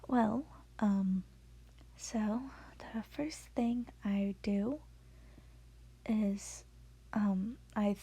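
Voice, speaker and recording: Give me a woman talking slowly in a soft, mellow half-whisper, casually explaining a voice technique. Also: medium pitch, husky, low-quality recording. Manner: hushed, half-whispered, rambling with many fillers. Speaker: voice tutorial creator. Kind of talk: casual spoken voice lesson. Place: home room at night.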